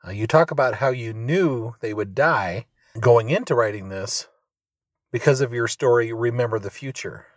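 A man reading out a question to an author, plain and measured. The recording is dry and close, with no room sound. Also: medium pitch, dry recording.

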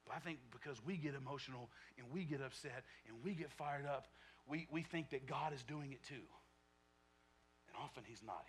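A man preaching a sermon to his church, dropping to a near whisper and then rising to loud shouts, repeating phrases for emphasis. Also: mid-range voice, a little hiss or hum. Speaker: pastor.

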